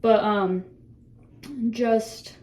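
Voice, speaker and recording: A woman's voice: mid-range voice, steady tone, very slow, darkish tone. A seventeen-year-old woman chatting casually to her phone camera in a bathroom, rambling, laughing often and swearing freely as she reflects. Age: teens. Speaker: vlogger.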